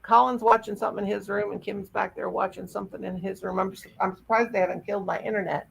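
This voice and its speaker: A woman's voice: medium pitch, steady tone, quick pace, vocal fry, few pauses, a little hiss or hum, rough recording. A woman hosting a casual livestream chat from home, talking in a rambling, folksy way. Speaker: host.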